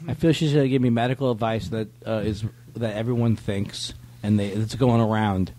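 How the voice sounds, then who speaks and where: A man guest on a comedy podcast, teasing the host with rapid mock-serious questions. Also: lowish voice, steady tone, dark tone, no room sound. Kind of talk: casual comedic chat.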